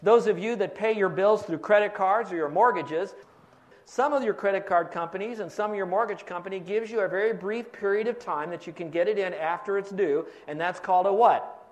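A man's voice: high-pitched, a little fast. A pastor preaching a sermon, explaining step by step and quizzing his congregation for fill-in answers.

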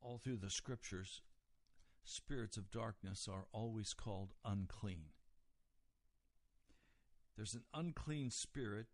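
A male preacher delivering a sermon at an unhurried pace, breaking phrases apart to stress key words. His voice sits at an ordinary middle pitch. The sound is dry and close, with no room echo. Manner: deliberate expository preaching, pausing on key words.

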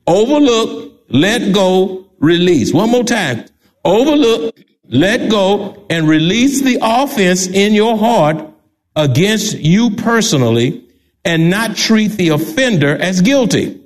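A man's voice: sits high, darkish tone. An older man with a Texan accent, a pastor preaching a sermon emphatically and repeating key phrases.

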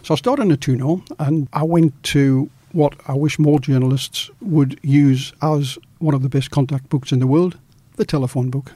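Dark husky-voiced male storyteller. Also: on the high side, normal speed, few pauses, dry recording. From Australia. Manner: animated storyteller, acts out quoted dialogue. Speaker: journalist. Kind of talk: storytelling in an interview.

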